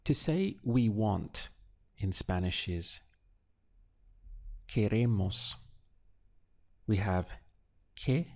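Slow, low-voiced male Spanish tutor. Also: animated, a little mellow. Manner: slow, deliberate prompts with pauses for the learner. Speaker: Spanish teacher. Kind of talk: audio language lesson.

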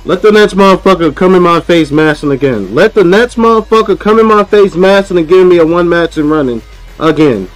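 High-voiced man ranting over gameplay. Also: animated, a little fast, soft background music, poor audio. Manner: frustrated ranting, repeats himself, profane. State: aggravated. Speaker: gaming streamer. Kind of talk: live gameplay commentary.

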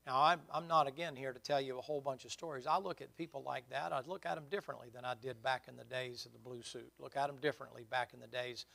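Man, middle-aged, gravelly folksy preacher who swings from quiet storytelling to loud emphasis. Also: mid-range voice, steady tone, fast, hardly any pauses. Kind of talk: sermon with personal stories.

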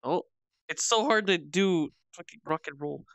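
A streamer giving casual, giggly commentary while playing a game, laughing often, swearing casually and letting out sudden excited squeals. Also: medium pitch, moderate pace, dry recording, muffled recording.

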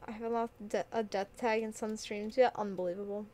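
A young woman chatting casually with her live-stream chat, giggly and excitable. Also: mid-range voice, fairly quick, slight background noise. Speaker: game streamer.

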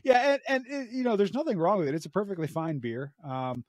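A man's voice: high-pitched, a little fast, no room sound, studio quality. An American man hosting a casual podcast chat, talking hesitantly with many restarts. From United States. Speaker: podcast host.

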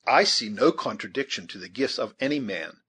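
A man voicing a seasoned frontier scout, adult and practical, who speaks in a plain, deliberate old-fashioned way with a husky voice. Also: medium pitch, expressive, a bit bright. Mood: calm, wary.

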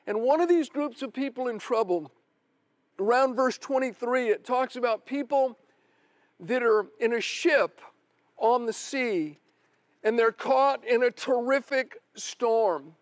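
A middle-aged male pastor preaching a sermon earnestly, with slow, emphatic repetition. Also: extremely high pitch, dry recording. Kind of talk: televised sermon.

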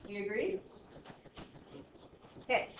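Slow and sing-song, a medium-pitched woman's voice guides a math lesson, chatting, joking at her own expense and quizzing the class. Everything sounds dull and roomy, lo-fi with a little noise.

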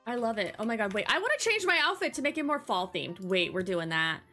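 A young woman hosting a casual let's-play, chatting excitedly and gushing as she plays. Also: mid-range voice, quick pace. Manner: bubbly, excitable, gasps and gushes often. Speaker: gaming channel host. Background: faint game music.

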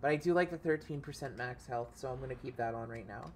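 A woman streaming a video game, excitable and swearing freely as she thinks aloud about her loadout. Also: very deep voice, quick pace, slight background noise. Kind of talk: casual gameplay commentary.

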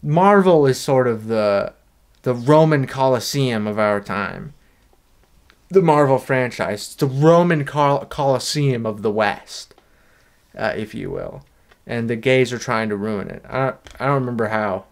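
A young man vlogging a comedic review, talking in a deadpan, crude, rambling way. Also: medium pitch, a little slow. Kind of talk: comedic sticker review vlog.

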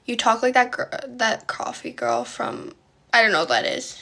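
Bright, lively young woman live streamer. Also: a little high, moderate pace, gravelly. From Poland. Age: young adult. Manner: stutters and restarts often; valley-girl way of talking. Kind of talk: casual live stream chat, answering comments.

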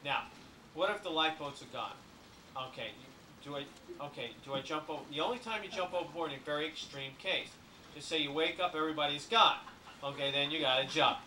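A man giving a comic cruise ship briefing to an audience, full of deadpan jokes and asides. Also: fairly high pitch, fairly quick, far from the mic, a little hiss or hum. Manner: jokey deadpan patter with asides. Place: ship lounge. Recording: echoey room, camcorder from afar.

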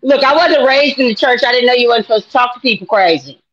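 A middle-aged American woman sharing her faith testimony in an interview, animated and acting out dialogue in voices. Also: on the high side, quick pace, highs cut off. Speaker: guest.

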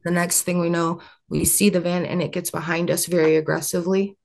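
A woman's voice: fairly low pitch, little pitch movement, a little fast, gravelly, a little mellow. A young adult woman as an interview guest, telling a long story in an earnest, rambling way with many fillers and restarts.

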